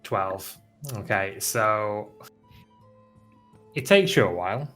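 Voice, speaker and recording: Male game master, lowish voice, relaxed narration with fillers. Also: slow pace, faint music behind.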